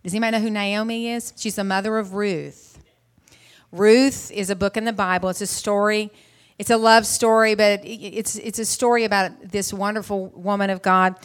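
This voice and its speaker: A middle-aged woman, a mother, preaches a casual Mother's Day sermon. She retells a Bible story in a chatty way, often restarting her words and clearing her throat. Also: mid-range voice, steady tone, normal speed.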